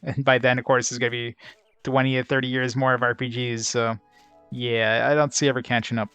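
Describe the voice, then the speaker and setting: A man's voice: mid-range voice, level tone, a little fast, a bit bright, smooth, no echo, highs cut off, faint music behind. Guy rambling over gameplay, wry, lots of filler, dry close mic. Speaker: let's play host. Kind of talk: casual gameplay commentary.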